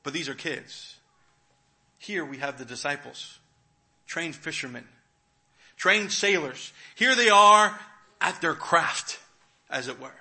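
A man preaching a sermon, retelling a scripture story and swinging between hushed, quiet moments and loud, dramatic ones. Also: a little high, animated, takes it slowly, long pauses. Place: church.

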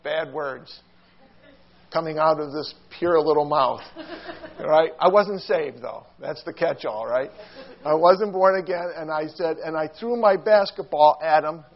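A man preaching a sermon, telling a funny childhood story in an animated, self-mocking way and acting out quotes with squeals and shouts. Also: on the high side, moderate pace, lo-fi sound.

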